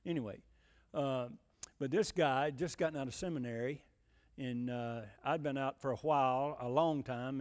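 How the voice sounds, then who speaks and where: A man's voice: a little high, darkish tone, big-room sound. A man preaching a sermon in a folksy, emphatic way, full of rhetorical questions.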